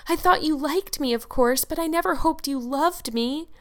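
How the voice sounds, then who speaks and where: A woman's voice: high voice, moderate pace, voice pushed up, lightly acted. A woman voicing a dramatic, romantic young orphan girl who speaks in a gushing, theatrical, tearful way in an audiobook. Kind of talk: audiobook character voice.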